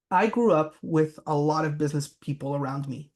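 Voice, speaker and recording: A man's voice: a little high, brisk. A man giving a business talk, telling anecdotes with frequent fillers. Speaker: presenter.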